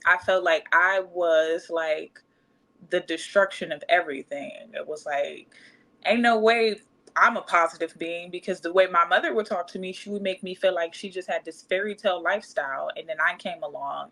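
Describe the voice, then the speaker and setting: A woman's voice: fairly low pitch, moderate pace, vocal fry, a bit bright. A woman, candidly telling a personal story in casual podcast chat and acting out other people's voices. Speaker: podcast co-host.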